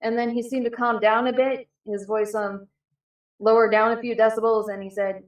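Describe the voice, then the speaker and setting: A young woman telling a personal story casually, halting with many fillers and restarts. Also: fairly high pitch, flat delivery. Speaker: panel guest. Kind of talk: casual storytelling on a live stream. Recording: echoey distant mic.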